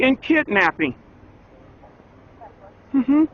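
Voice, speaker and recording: Man, high pitch, defiant and insistent, muffled lo-fi street clip. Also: wildly swooping pitch, measured pace, long pauses, a bit bright, husky. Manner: defiant, insistent, repeating phrases. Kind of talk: heated confrontation caught on camera. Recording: dull, lo-fi clip with faint background noise.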